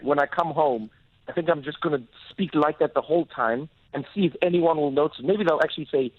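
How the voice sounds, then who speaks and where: A man with a South African accent, a comedian talking as a guest in a radio interview and telling animated stories. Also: a little high, fast talker, dry recording. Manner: lively storyteller, animated. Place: radio studio. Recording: dull, dry radio studio sound.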